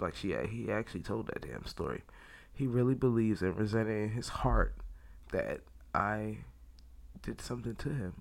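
A man's voice: mid-range voice, creaky. A man hosting a podcast, talking through a rambling, blunt, slangy casual monologue. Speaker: podcast host.

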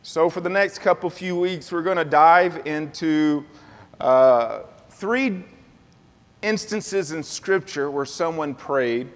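A man preaching a sermon, calling on the congregation to answer back, his voice rising and growing louder as he builds a point. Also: mid-range voice. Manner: call-and-response preaching, asks the congregation to repeat words. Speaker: pastor. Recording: long reverb of a large hall.

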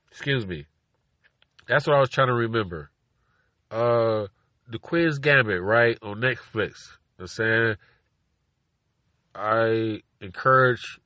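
A man's voice: medium pitch, a bit bright, dry recording. A man hosting a podcast from his car, rambling casually and profanely, constantly asking "you know what I'm saying". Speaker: podcast host.

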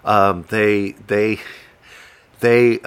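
A man's voice: fairly low pitch, little pitch movement, extremely slow, clean tone, no room sound. A man co-hosting a podcast in casual chat, easygoing and joking. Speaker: podcast co-host.

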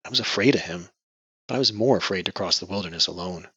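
A grieving young woman, bitter and defiant, her voice raised close to tears, as a male narrator puts her on. The voice is tense and breathy, recorded dull and lo-fi. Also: low-pitched, quick pace, a bit bright, no room sound, full character voice. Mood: anguished. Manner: emotional, raised voice near tears. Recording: dull lo-fi audio.

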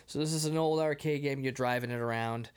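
A man's voice: mid-range voice, a little fast, crowd noise. A man co-hosting a casual podcast, recapping an old film and breaking into goofy impressions of its lines. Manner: animated, acts out film lines in goofy voices. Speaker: podcast co-host. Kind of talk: casual movie-recap chat.

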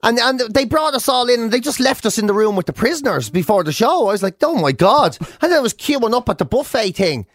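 A man's voice: very high voice, lively intonation, fast talker, few pauses, no echo, studio quality. An Irish man co-hosting a radio breakfast show, chatting casually and slipping into mock voices as he tells stories. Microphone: studio microphone.

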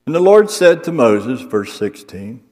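A man's voice: medium pitch, very animated, measured pace, darkish tone, long reverb tail. A man preaching an evening sermon in a homely, plain way, reading scripture aloud and explaining it as he goes.

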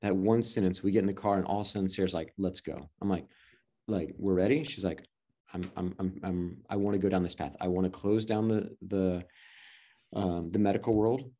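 A man's voice: sits low, steady tone, a little fast, dark tone. A man in his thirties telling a personal story in casual chat, rambling with restarts and acted-out quotes. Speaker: guest adoptive father.

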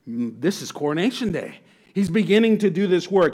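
A man preaching a sermon as pastor, enthusiastic and animated, reading scripture aloud and then expounding on it. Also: high-pitched, fairly quick.

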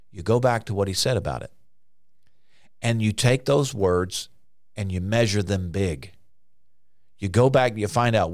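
In studio-quality audio with no room sound, a man delivers a conversational sermon, occasionally acting out frantic voices in sudden high bursts.

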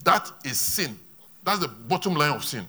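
A man delivers a sermon as pastor. His voice is bright and a little high for a man. He drops into quiet asides, then surges to loud, emphatic declarations. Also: sing-song, normal speed, slightly rough.

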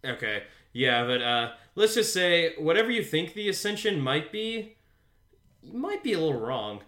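Blunt, joking man with a bright voice. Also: a little high, sing-song, normal speed. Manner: blunt, joking, swears freely. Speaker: podcast co-host. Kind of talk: casual rewatch podcast chat.

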